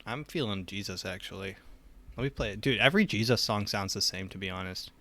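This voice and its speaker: A man's voice: fairly low pitch, fairly quick, a bit bright. Joking young man, casual podcast banter. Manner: joking, laughs often. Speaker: podcast co-host.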